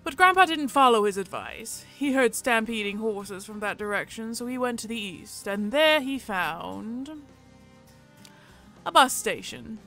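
A proud, scheming peacock, as a woman plays him spins a tale in a haughty voice, lifted a little in pitch and volume. Faint music hums behind him. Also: animated, measured pace, bright, forceful tone, heavily acted. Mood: storytelling.

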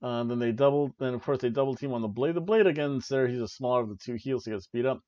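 A man's voice: medium pitch, quick pace, a little mellow, no room sound. A man co-hosting a podcast, casually reviewing a wrestling show in an enthusiastic, rambling way with frequent restarts. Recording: dry, slightly muffled home recording.

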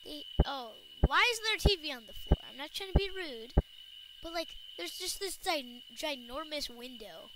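A woman's voice: high voice, animated, normal speed, heavy background noise. A woman giving casual, rambling commentary while playing a game. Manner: chatty and rambling, lots of filler words. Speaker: gamer.

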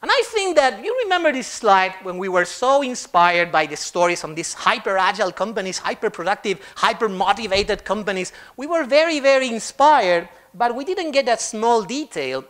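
A man giving a humorous conference talk on stage, animated and fond of acting out quotes. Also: sits high, normal speed, few pauses. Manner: animated, acts out quotes in funny voices. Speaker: conference speaker.

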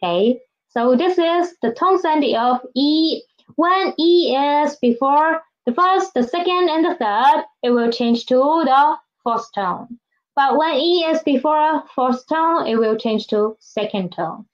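A woman teaching a recorded Chinese language lesson, slow and patient, repeating each example and checking understanding. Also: high-pitched. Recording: dull lo-fi recording.

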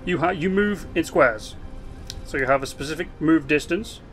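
A man talks through a strategy game in loose, casual commentary, his voice sitting a little high for a man. He breaks off for asides and restarts his sentences as he explains the rules. Faint music plays underneath. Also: moderate pace, fairly bright tone. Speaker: gaming video host.

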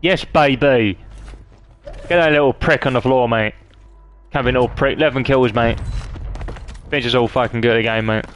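A man's voice: mid-range voice, normal speed, pauses often, faint music behind. Profane man streaming a game. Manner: profane, trash-talking. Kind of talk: live gaming commentary.

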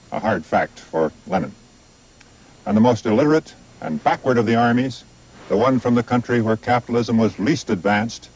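An older man presenting a documentary in measured, scripted narration with dry, wry asides. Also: lowish voice, a little mellow, poor audio.

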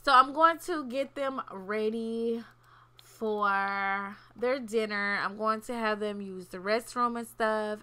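Woman, casual gameplay commentary, slow delivery, high-ish voice. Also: sharp tone. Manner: chatty, playful, talks to her game characters. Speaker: gaming channel host.

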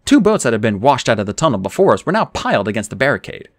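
Lively male audiobook narrator. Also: medium pitch, very fast, no room sound, studio quality. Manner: expressive, dramatic reading with raised character lines. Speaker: audiobook reader. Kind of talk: storybook reading, first-person narration.

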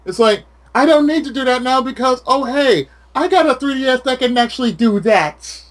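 High, lively ranting man. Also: moderate pace. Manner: profane, ranting, animated. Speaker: channel host. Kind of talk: casual chat with a friend.

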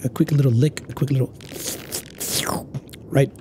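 A man giving let's play commentary as he plays, joking around in a crude, excitable way. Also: medium pitch, moderate pace, a little hiss or hum. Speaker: gamer.

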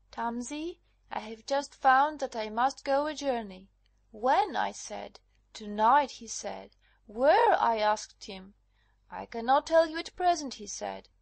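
A woman voices a frightened young wife, out of breath and pleading for help in an audiobook drama. Her voice sits high and bright, and the recording is close and dry with no room sound. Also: no room sound. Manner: breathless, urgent.

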